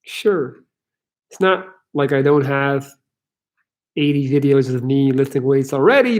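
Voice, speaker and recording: Expressive and medium-pitched, this livestream Q&A host speaks at a measured pace and pauses often. He chats casually with viewers, joking around and laughing easily as he takes their questions.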